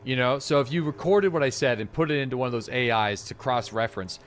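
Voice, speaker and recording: A young man from eastern Canada talks fast at medium pitch, with a little hiss or hum in the audio. He's a gaming streamer rambling and joking through casual live-stream commentary as he plays, using lots of fillers.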